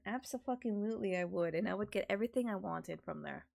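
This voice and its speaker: A woman's voice: mid-range voice, quick pace, creaky, a little mellow. A young woman streamer chatting casually at home, swearing a lot and laughing often. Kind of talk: casual chat.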